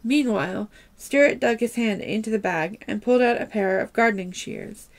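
A woman's voice: on the high side, normal speed. A woman reading a mystery novel aloud, in a plain way with occasional slips and restarts. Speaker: storyteller reading a book aloud.

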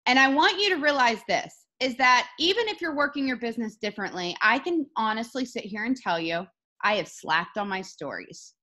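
A woman hosting a video call, giving an energetic, emphatic motivational talk to her team. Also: a little high, fairly quick. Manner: energetic and emphatic, rising to excited peaks.

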